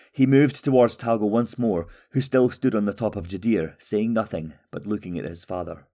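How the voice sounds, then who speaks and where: A man narrates a fantasy novella in a steady, even manner. His voice sits low and calm, paced for scripted storytelling. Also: moderate pace, hardly any pauses. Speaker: audiobook narrator.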